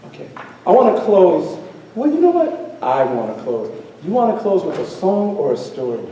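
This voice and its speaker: Animated storyteller man in an echoey hall. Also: sits high, normal speed, recorded from a distance, slight background noise. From United States. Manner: animated, leads a crowd in call-and-response song. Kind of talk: live storytelling and call-and-response teaching. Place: high school auditorium with audience.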